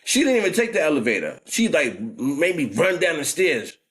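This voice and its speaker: A man in his forties with a New York accent tells stories in a loose vlog style, full of slang and "you know what I'm saying." His pitch swings widely as he talks, and his voice sits a little high for a man. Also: sing-song, normal speed, fairly bright tone. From New York, United States. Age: 40s. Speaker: vlogger. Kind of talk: casual storytelling.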